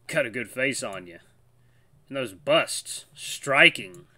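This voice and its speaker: A man voicing a brash, teasing male husky with a put-on Southern US accent while reading a visual novel. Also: medium pitch, animated, slow, sharp tone, no echo, heavily acted. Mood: swaggering.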